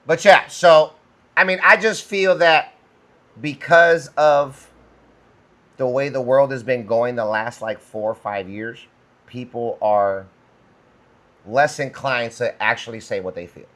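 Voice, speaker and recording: A man's voice: mid-range voice, takes it slowly, pauses often, a bit bright. A man co-hosting a casual podcast, a security instructor who talks in a laid-back, agreeable way with casual slang.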